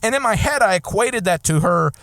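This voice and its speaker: A male podcast host tells a crude story in loose, casual chat. His voice sits high and jumps all over the place when he mimics other people. The sound is dry and close. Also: animated, fairly quick, fairly bright tone, dry recording.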